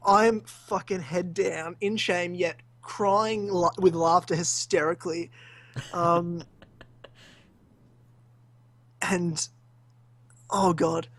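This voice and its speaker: A man, telling a story on a casual podcast, swearing freely and acting out the voices of the people in it. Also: sits high. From Australia. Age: 20s. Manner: animated, swears freely, acts out voices in stories. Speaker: podcast host.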